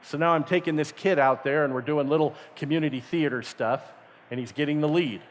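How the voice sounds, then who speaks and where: Brisk and slightly high-pitched, a middle-aged man gives an animated storytelling sermon in a camp meeting hall, voicing the people in his tales. The room is reverberant.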